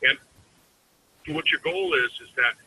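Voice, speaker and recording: A man's voice: mid-range voice, slow, pushed and bright, slight background noise, poor audio. A man giving an informal sales training talk as a network marketing team trainer, rambling and conversational with frequent restarts.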